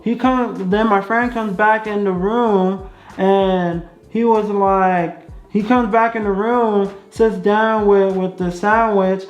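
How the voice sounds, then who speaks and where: A young woman vlogger tells a casual story at an unhurried pace, her medium-pitched voice steady in tone. She's chatty and repetitive, with plenty of fillers. The room is echoey and the sound dull, with faint music in the background.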